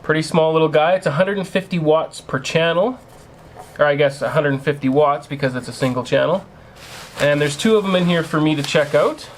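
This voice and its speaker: Chatty man with a higher voice. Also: brisk, a little hiss or hum. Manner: chatty, teasing, addresses viewers as guys. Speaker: home theater channel host. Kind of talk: casual vlog with unboxing. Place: home theater room.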